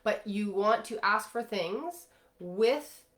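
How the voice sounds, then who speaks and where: A woman relationship coach answering a viewer's question in an earnest, gentle advice talk, acting out example phrases as she goes. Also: medium pitch, expressive, slow, reverberant.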